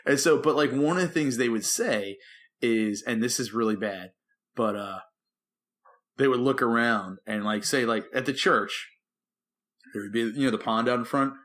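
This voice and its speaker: A man's voice: mid-range voice, moderate pace, a bit bright. A man, co-hosting a podcast and telling a rambling story from his youth ministry days, with many restarts and acted-out quotes. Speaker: podcast co-host, former youth pastor. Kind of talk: casual storytelling chat.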